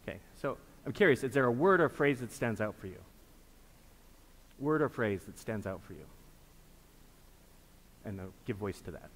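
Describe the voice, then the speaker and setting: A man's voice: mid-range voice, animated, moderate pace, long pauses, a bit bright. A man leading a congregation through liturgical renunciations, patiently repeating his prompts and inviting responses. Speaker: pastor leading a group reflection. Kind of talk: interactive liturgical teaching. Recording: long reverb with faint background noise.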